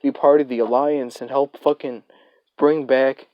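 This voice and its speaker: A man voicing a spaced-out teenage boy on a trip, repeating himself haltingly. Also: mid-range voice, steady tone, no echo, muffled recording, natural voice. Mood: dazed. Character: dazed tripping teenage boy at prom.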